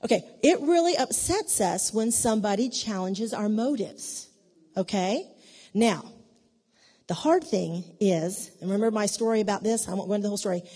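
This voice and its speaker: A woman giving a conversational church teaching in an animated way, acting out the dialogue in her stories. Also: medium pitch, normal speed, husky. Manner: animated, acts out quoted dialogue. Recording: long reverb of a large hall.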